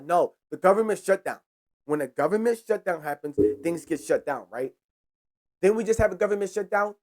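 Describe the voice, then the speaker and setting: A young man hosting a podcast, ranting in a heated, profane way and repeating himself for emphasis. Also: on the high side. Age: young adult. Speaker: podcast host. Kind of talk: casual ranting monologue.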